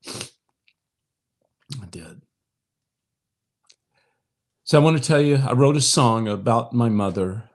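A middle-aged man leading an online prayer talk, speaking straight to viewers with emotion, swelling to impassioned peaks and sinking soft again. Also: medium pitch, brisk, hardly any pauses, slight background noise. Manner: direct address to viewers, frequent fillers. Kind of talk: livestream devotional talk.

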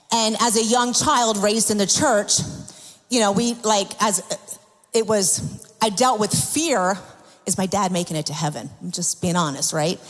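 A woman preaching a sermon, telling personal stories in an earnest, confessional way with frequent restarts. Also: mid-range voice. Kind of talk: sermon testimony. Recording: long hall reverb.

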